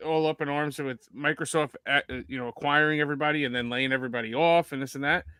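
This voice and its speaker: A man on a podcast who rants in casual banter, stammering and repeating his words. His voice is bright and forceful, pitched a little high, and the recording is dry and close. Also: fairly even intonation, fast talker, clear, resonant tone, no room sound. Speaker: podcast co-host.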